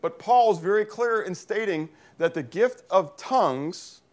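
A high-pitched, expressive man speaks at a measured pace with a slightly mellow tone. He is a Pennsylvania pastor preaching a sermon in church, reading scripture and explaining Greek words. His manner is that of a teacher, and he checks in with the congregation often with a frequent "okay?".

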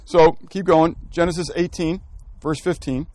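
High-voiced man teaching a Bible class. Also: fairly even intonation, moderate pace, a little mellow, no room sound. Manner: asks the class questions and calls on people by name; thinks aloud and corrects himself. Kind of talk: interactive scripture lesson.

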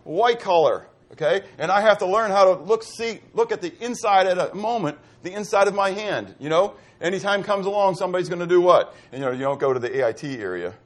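Middle-aged man, pastor from Pittsburgh: a high, expressive sermon voice that asks the congregation questions. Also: fairly quick, few pauses. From Pittsburgh, USA. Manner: animated, quizzes the congregation with fill-in questions.

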